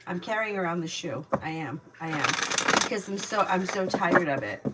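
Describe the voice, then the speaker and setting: A woman's voice: fairly low pitch, lively intonation, moderate pace, very noisy. A woman hosting a tarot reading livestream, talking in a blunt, exasperated, casual way with some swearing. She is a mother. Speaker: tarot reader and livestream host.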